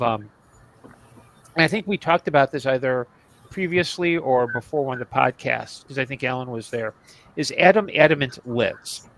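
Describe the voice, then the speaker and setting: A man's voice: on the high side, fairly bright tone, dry recording, rough recording. A man co-hosting a podcast in casual chat about old TV shows, rambling with many restarts and asides. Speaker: podcast co-host.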